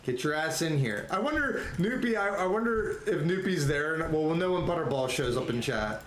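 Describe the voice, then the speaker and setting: A man chatting casually on a live game stream, excitable and rambling, laughing often. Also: fairly high pitch, moderate pace, a little hiss or hum. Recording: echoey room with faint ambience.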